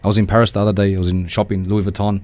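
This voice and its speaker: Fast-talking Australian man, low voice. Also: little pitch movement, darkish tone. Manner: fast, rambling storyteller who acts out quoted people. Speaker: guest, car rental business owner. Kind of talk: casual radio interview chat. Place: radio studio.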